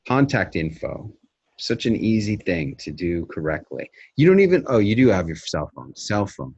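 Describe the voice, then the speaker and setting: A man coaching someone through a pitch in a live webinar, brisk and demonstrative in a salesy way. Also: big pitch swings, darkish tone, husky, no room sound, dull audio.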